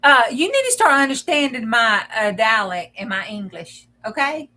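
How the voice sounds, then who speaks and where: A woman's voice: a little high, big pitch swings, normal speed, bright, forceful tone, slight background noise. A woman, chatting casually and telling stories in her craft vlog, bossy with her smart speaker. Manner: chatty, storytelling, bossy with the assistant. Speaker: craft vlogger. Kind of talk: casual chat.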